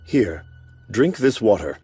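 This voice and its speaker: An actor playing a calm, stoic golem lord in an anime dub, speaking slowly and without emotion in a husky, breathy voice. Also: male voice, lowish voice, no room sound, faint music behind, heavily acted. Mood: solemn. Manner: slow, measured, emotionless.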